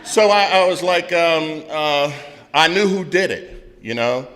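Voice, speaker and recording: A middle-aged man gives a candid recovery share in a loud, blunt storytelling manner. His voice is bright and forceful, and it rings with a long hall reverb. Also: on the high side, animated, a little slow, a faint crowd. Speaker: speaker at a recovery meeting.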